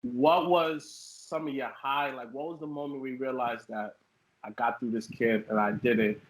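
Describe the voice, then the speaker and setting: A man hosting a podcast interview, asking questions in an animated, emphatic way. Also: medium pitch, moderate pace. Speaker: podcast host. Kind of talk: casual interview. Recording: echoey room.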